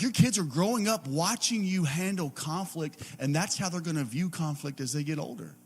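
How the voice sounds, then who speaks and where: A man's voice: on the high side, slight background noise. A man in his thirties with a Southern US accent, preaching a casual, conversational sermon full of "like" and "man.". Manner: conversational, with many filler likes and mans. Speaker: pastor. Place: church auditorium. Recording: live church broadcast with music behind. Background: music.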